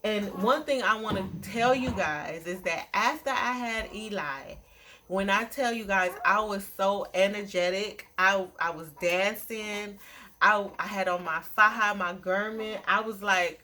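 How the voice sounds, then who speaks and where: A young adult woman vlogger telling a storytime in a chatty, animated way with playful asides. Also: mid-range voice, unhurried, noisy background. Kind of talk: casual storytime.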